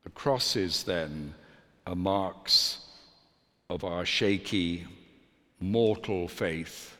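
A male priest delivers a sermon in a low voice, taking his time over every phrase and pausing for effect. His words ring out through a church with a long, lingering reverb. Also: sharp tone. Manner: measured, deliberate delivery with dramatic pauses.

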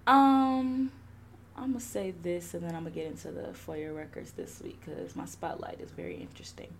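A woman's voice: on the low side, normal speed, vocal fry, a little hiss or hum. A young woman hosting a podcast, chatting casually with lots of laughter and swearing. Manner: animated, laughing, profane. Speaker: podcast host.

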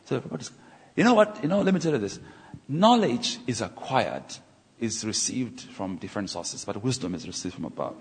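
A man preaching a sermon, telling stories and acting out conversations in an animated way. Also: mid-range voice, husky. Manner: animated, acts out dialogue with pauses and exclamations. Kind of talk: sermon storytelling. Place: church. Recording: echoey church hall.

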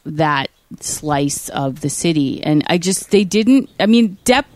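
A woman from the Boston area with a fairly low voice for a woman, talking film with a co-host in relaxed podcast chat. She is opinionated and fires back short agreements and quick corrections. The close, dry sound leaves no room around her. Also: no echo. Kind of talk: casual film review chat.

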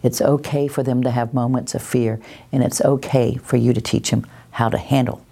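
A woman, a parenting educator giving a calm, reassuring talk that answers questions and acts out little scenes. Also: rumbling low, moderate pace, gravelly, slightly rough. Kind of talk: teaching talk, Q&A.

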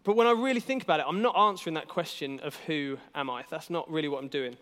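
Chatty young man with a clear, ringing voice in a hall. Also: a little high, quick pace, a bit bright. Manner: self-deprecating, chatty, with many fillers and restarts. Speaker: youth worker giving a church talk. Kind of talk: casual storytelling sermon. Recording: hall reverb.

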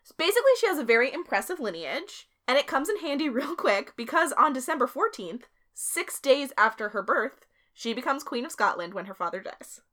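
A woman's voice: high-pitched, very animated, a little fast, a bit bright. A woman co-hosting a podcast, telling a history story in a casual, chatty way, laughing often. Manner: laughs often, swears, uses filler like.

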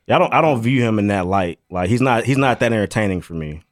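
A man's voice: lowish voice, animated, quick pace. Blunt, swearing podcast co-host, a man. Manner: blunt, profane. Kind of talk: casual chat.

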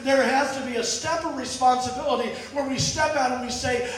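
A man preaching a sermon, telling stories and moving between sudden shouts and quiet drops, often repeating words as he restarts. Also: very high-pitched, fairly even intonation, a little fast. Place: church. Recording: echoey hall from far off.

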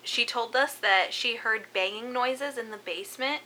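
Giggly woman, bright voice slightly raised, podcast host reading a creepy tale. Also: a little high, moderate pace, a little hiss or hum, low-quality recording. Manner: giggly, breaks into laughs while telling. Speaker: podcast host telling a spooky story. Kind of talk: casual chat and story reading.

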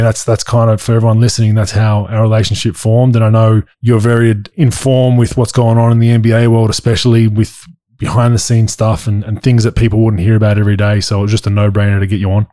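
Laid-back Australian man, low mellow voice. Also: little pitch movement, a little fast, no echo, clean studio sound. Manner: blunt, laid-back, swears casually. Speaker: podcast host. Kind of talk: casual podcast chat.

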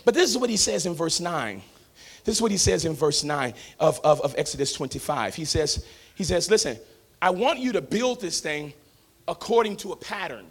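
A man preaching a sermon as pastor, swinging between shouted, sung-out lines and quiet, close talk, with a Black lilt. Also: a little high, expressive, normal speed, husky.

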